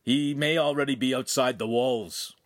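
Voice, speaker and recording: A man voicing a brisk male guard captain who reports in a crisp, direct manner. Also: mid-range voice, steady tone, voice pushed up, lightly acted.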